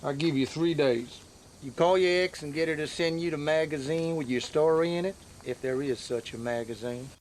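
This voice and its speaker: A man voicing a vengeful, menacing male stranger with a slow, threatening drawl. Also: on the high side, a little hiss or hum, pitched above the performer's own voice, lightly acted, rough recording.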